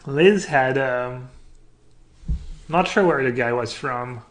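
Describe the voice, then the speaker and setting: A man's voice: medium pitch, slow pace. A man streaming live, joking with chat and thinking aloud about card choices. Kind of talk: casual live-stream commentary.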